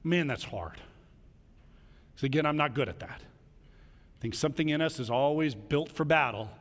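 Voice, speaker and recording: A man preaching a sermon in an animated way, acting out quarrels between people as he talks. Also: a little high, moderate pace. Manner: animated, acts out quarrels in little voices. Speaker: pastor. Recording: long hall reverb.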